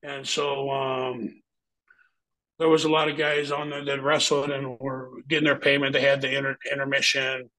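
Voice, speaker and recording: A man's voice: mid-range voice, little pitch movement, moderate pace, sharp tone, poor audio. A middle-aged man, a former pro wrestler, telling a story as an interview guest in a blunt, heavily profane way.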